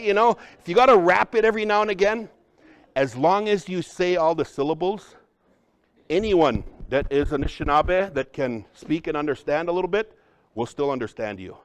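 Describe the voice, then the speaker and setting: A man giving a lively, joking workshop talk on cultural practice, often calling his audience folks. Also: a little high, moderate pace, clear, resonant tone, no echo. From Upper Midwest, United States. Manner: energetic, joking, addresses the crowd as folks. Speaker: cultural trainer.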